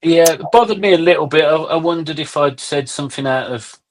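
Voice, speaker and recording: A man's voice: on the high side, fairly quick. A middle-aged man, a musician guest on a podcast, telling rambling anecdotes in casual conversation with frequent restarts.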